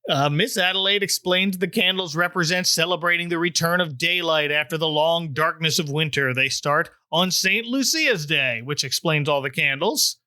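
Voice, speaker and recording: Bright-voiced podcast host recapping, wry. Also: mid-range voice, moderate pace, few pauses, no room sound. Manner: wry, joking asides. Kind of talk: recap chat, retelling the plot.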